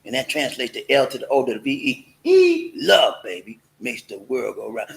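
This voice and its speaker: A man's voice: mid-range voice, sing-song, fairly quick, creaky, few pauses, low-quality recording. A man hosting a casual motivational talk, playful and preachy, slipping into sung and chanted lines. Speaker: host.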